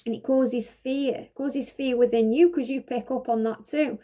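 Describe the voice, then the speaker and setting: A woman's voice: sits high, steady tone, measured pace, mellow. A woman presenting an oracle deck, reading each card's message aloud and then explaining it in a repetitive, conversational way with frequent "you know". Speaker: tarot card reader. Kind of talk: oracle deck walk-through.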